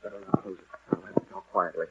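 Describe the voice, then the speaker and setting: A concerned young man from an old radio drama, speaking quickly and urgently in a slightly low, husky voice. The sound is thin like an old broadcast. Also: animated, muffled recording. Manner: brisk, urgent, confiding. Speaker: Mister Alden in a radio drama. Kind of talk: 1940s radio acting.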